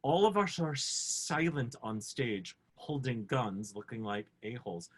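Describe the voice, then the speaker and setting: Animated man telling backstage stories. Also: medium pitch, measured pace, husky. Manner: lively, acts out quotes in funny voices. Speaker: co-host. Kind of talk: animated storytelling.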